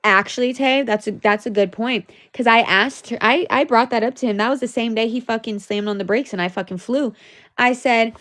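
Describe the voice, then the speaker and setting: A woman's voice: fairly high pitch, a little fast, a bit bright. A young woman venting on a live stream, her voice cracking near tears, swearing often and restarting her sentences. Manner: profane, repetitive, restarts sentences. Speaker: livestreamer.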